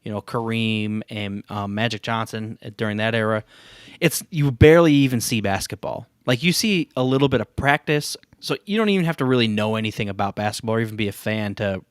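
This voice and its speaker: A man co-hosting a podcast, rambling in casual chat, with frequent restarts and an animated delivery. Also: fairly low pitch, brisk, clear, resonant tone, no room sound, clean studio sound. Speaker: podcast co-host.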